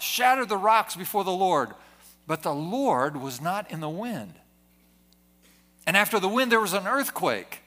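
Bright, high-voiced preaching man. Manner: earnest preaching with frequent word repetitions. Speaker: pastor. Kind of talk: sermon. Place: church service.

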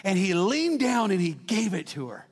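High-voiced man preaching in a reverberant hall. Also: moderate pace, husky. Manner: animated storytelling with asides to the congregation. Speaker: pastor. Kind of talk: sermon.

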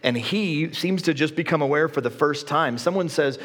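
A male pastor preaching a sermon in a conversational, animated storytelling way. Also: on the high side, normal speed. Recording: long hall reverb.

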